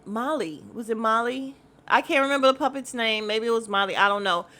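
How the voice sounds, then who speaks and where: A woman hosting a podcast in casual chat, blunt and profane, talking to her listeners about a reality show in an animated way. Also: a little high, a little fast. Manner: animated, mimics voices of others in quotes.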